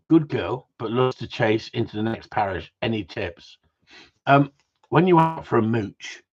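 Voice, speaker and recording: A man hosting a casual live stream about gundogs, bantering, swearing and reading out viewer messages. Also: mid-range voice. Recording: dull lo-fi sound.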